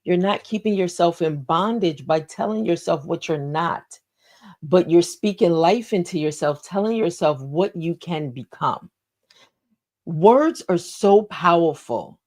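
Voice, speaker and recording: Female motivational host, lowish voice, encouraging, repeats lines and asks the listener questions. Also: expressive, a little slow, darkish tone. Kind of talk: motivational talk.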